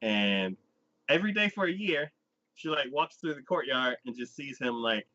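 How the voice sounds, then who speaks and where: A man co-hosting a casual podcast chat, laid-back, laughing often and filling pauses with ums. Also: medium pitch, animated, bright, forceful tone, no echo, highs cut off. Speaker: podcast co-host.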